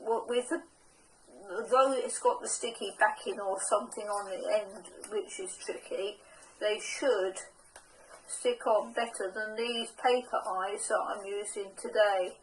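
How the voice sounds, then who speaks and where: A woman's voice: mid-range voice, steady tone, measured pace, rough recording. A woman presenting a casual step-by-step craft tutorial, chatty and homely with a self-deprecating touch.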